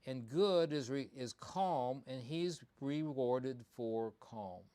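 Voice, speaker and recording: A man's voice: medium pitch, expressive, takes it slowly, mellow. A man, a veterinarian hosting a live show, talking with emphasis and repeating his key points, with ums and restarts. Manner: conversational with many ums and restarts. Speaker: veterinarian host. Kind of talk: live talk on pet behavior.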